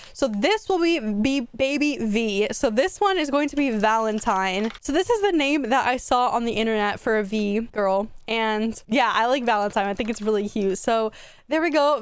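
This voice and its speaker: Chatty high-voiced young woman gamer. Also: clear, resonant tone. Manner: chatty, emotional, talks to viewers as "guys". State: tearful, near crying. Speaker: gaming YouTuber. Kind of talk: casual gameplay commentary.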